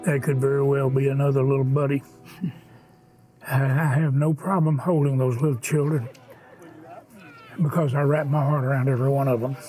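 A man hosting a ministry broadcast, telling a story and earnestly pleading for donations, sometimes dropping to a soft near-whisper. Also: medium pitch, flat delivery, normal speed, pauses often. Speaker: ministry host making a donation appeal. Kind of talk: earnest fundraising appeal and storytelling.

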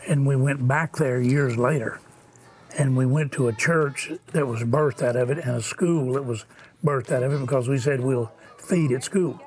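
A man hosting a ministry broadcast, telling a story and earnestly pleading for donations, sometimes dropping to a soft near-whisper. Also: mid-range voice, moderate pace, a little hiss or hum. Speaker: ministry host making a donation appeal. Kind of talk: earnest fundraising appeal and storytelling.

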